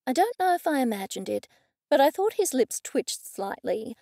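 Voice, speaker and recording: A woman reading a first-person audiobook in a lively, expressive way. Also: high-pitched, normal speed, no echo, clean studio sound. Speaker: audiobook narrator.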